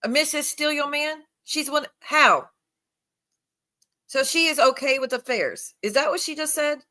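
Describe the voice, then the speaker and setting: Bright-voiced, incredulous woman. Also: high-pitched, measured pace. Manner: incredulous, questioning. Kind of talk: casual chat.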